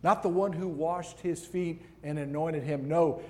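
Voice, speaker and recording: Slow, emphatic man preaching in a hall. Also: fairly high pitch, steady tone, mellow. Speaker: guest preacher. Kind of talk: sermon. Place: large hall. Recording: long hall reverb.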